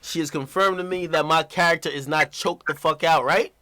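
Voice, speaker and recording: A man's voice: fairly high pitch, a little fast. A man hosting a casual livestream interview, talking in a loose, slangy, swearing way. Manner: animated, slangy, swears freely. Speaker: livestream host.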